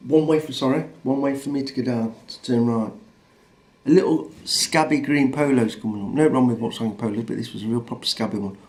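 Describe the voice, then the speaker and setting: A man's voice: mid-range voice, a little fast, a little mellow. A man in his fifties telling a story as a vlogger, blunt and sweary, rambling with many restarts. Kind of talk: casual storytelling rant.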